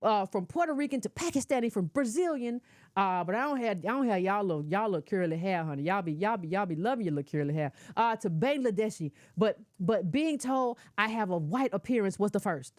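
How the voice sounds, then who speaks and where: A woman's voice: medium pitch, lively intonation, a little fast, a little mellow, no echo. A middle-aged woman giving casual, opinionated commentary, lecturing emphatically and talking in a colloquial way. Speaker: commentator reacting to clips.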